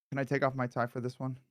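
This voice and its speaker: A man as an improv interviewee, answering in a deadpan, bluffing salesman manner. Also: medium pitch. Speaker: mock job interviewee. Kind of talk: improv comedy.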